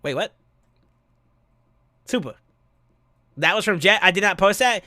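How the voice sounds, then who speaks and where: A man streaming live, casually chatting and thanking viewers, excitable with sudden yells, his voice going hoarse from yelling. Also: high voice, moderate pace, pauses often, no echo, studio quality.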